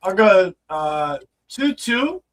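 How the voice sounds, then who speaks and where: A man on a casual live stream, insisting in a gloomy, deadpan way. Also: sits high, slow. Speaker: guest.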